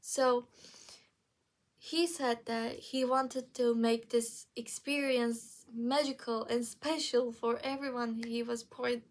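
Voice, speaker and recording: A woman's voice: fairly high pitch, steady tone, slow. A young woman vlogger chatting casually about TV shows, rambling with many fillers and restarts.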